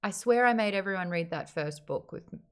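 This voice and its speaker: A woman hosts a relaxed book club stream, her pitch bouncing animatedly as she chats. She laughs easily and drops the odd swear word in casual conversation. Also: a little fast, clean tone. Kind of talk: casual livestream chat.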